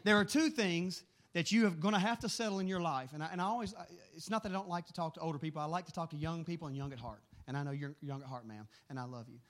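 Fast-talking excitable male preacher. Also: on the high side. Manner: animated storytelling, quick and excitable. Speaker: pastor. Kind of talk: sermon.

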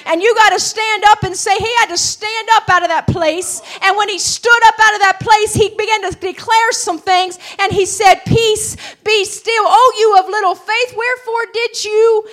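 Woman preacher, very high voice, builds to fervent shouts, hallelujah calls. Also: normal speed, hardly any pauses. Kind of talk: sermon.

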